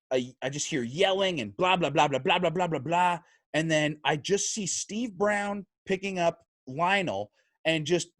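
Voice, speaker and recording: A man hosting a casual podcast, his voice swinging high and low as he tells a wild story with plenty of swearing. The sound is dry and close, with no room echo. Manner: lively, swears freely, acts out quotes. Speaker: podcast host. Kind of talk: casual chat, animated storytelling.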